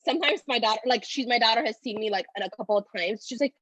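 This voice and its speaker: A woman's voice: a little high, rapid-fire, few pauses, husky, no echo, poor audio. A woman in her thirties, a podcast guest telling personal stories in a casual, rambling way that is full of "like". At times she sounds tearful. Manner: talks in loose run-on phrases full of "like". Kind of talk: casual conversational storytelling.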